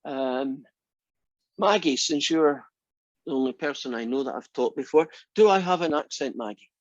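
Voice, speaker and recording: A Scottish man teaches math in a classroom lecture, his mid-range voice moving at a moderate pace. He's relaxed and chatty, with a dry, teasing wit. The recording is dry and close yet muffled and lo-fi.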